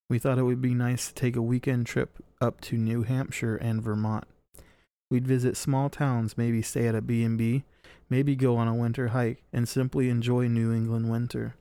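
A man reading a submitted story aloud on a podcast, relaxed and conversational, breaking off to laugh and curse at it. His mid-range voice is recorded close and dry with no room sound. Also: mid-range voice, no room sound. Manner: casual, laughs and swears at his own reading. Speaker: podcast host.

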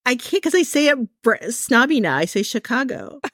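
A woman raised in Michigan chats on a podcast, rambling through stories with plenty of fillers and laughs. Her voice sits fairly high. The sound is dry and close, with no room around it. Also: sing-song, a little fast, no room sound. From American Midwest, Michigan. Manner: rambling storyteller, many fillers, laughs often. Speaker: podcast co-host. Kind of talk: casual chat.

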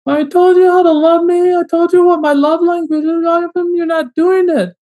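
A man mimicking a whiny, demanding partner in a high, petulant voice. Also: level tone, moderate pace, dark tone.

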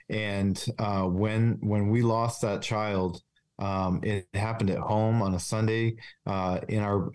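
Halting, low-voiced man opening up. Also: a little mellow. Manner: halting, with many restarts and fillers; earnest, confessional. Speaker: police officer, podcast guest. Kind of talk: candid personal interview.

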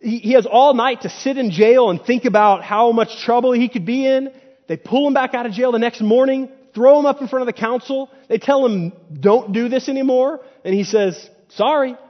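High-voiced preacher in an echoing hall. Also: male voice, fairly quick. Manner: casual, conversational preaching with acted-out paraphrased dialogue. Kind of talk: sermon. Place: church stage. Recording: dull sound with long hall reverb.

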